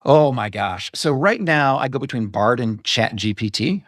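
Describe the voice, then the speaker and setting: A man's voice: mid-range voice, expressive, moderate pace, a bit bright, dry recording, studio quality. A man talking as a podcast guest about running an online business, chatty and prone to digressions and self-corrections. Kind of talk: casual interview chat.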